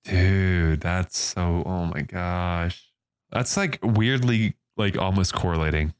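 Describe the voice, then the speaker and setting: Laid-back low-voiced man on a podcast. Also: takes it slowly, clear, resonant tone, dry recording, clean studio sound. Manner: laid-back, lots of "like" and "you know". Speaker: podcast co-host. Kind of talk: casual movie review chat.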